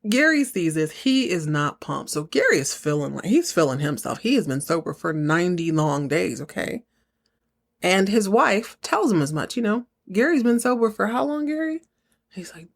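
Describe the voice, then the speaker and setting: A woman hosts a podcast and recaps a TV episode as a comic story. She talks in an animated, chatty way and laughs often. Her voice sits somewhat low. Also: moderate pace. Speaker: podcast host.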